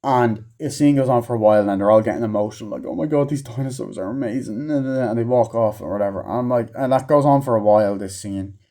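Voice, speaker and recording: This film reviewer talks quickly with hardly any pauses, his voice on the low side and mellow. His casual rant rambles along with constant swearing and fillers, and he raises his voice to perform lines from the movie.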